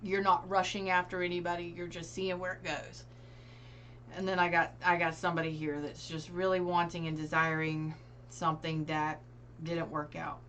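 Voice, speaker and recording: A woman's voice: on the low side, level tone, normal speed, fairly bright tone, slight background noise. A woman giving a casual tarot reading, speaking earnestly and directly to her viewers. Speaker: tarot reader.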